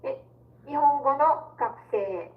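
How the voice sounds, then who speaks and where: Woman tutor, patient step-by-step explanations, high voice, slightly dull lo-fi sound, video call. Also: expressive, unhurried. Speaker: independent Japanese tutor. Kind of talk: one-on-one language lesson.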